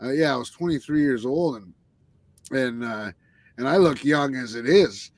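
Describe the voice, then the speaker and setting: A man's voice: mid-range voice, normal speed, no echo. A man, a guest musician, telling stories in a rambling, casual way, often swearing and restarting and tagging lines with "eh". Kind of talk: casual storytelling.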